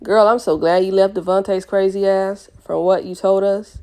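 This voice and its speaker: A woman's voice: medium pitch, steady tone, normal speed, a little mellow, natural voice. A woman reading aloud, voicing a blunt, loyal young woman friend in casual slang.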